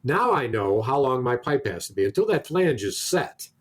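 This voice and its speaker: A man's voice: mid-range voice, big pitch swings, normal speed. A man co-hosting a podcast, telling a long anecdote in casual chat with many restarts. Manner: rambling anecdote with many restarts, acts out quoted exchanges. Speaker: podcast co-host.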